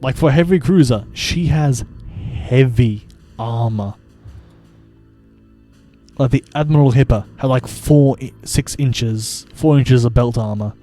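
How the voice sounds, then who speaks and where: A man streaming a naval strategy game, talking slowly in a mellow, relaxed voice. His commentary is wry and amused, broken up by frequent chuckles, with faint music underneath. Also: medium pitch. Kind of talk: casual gameplay commentary.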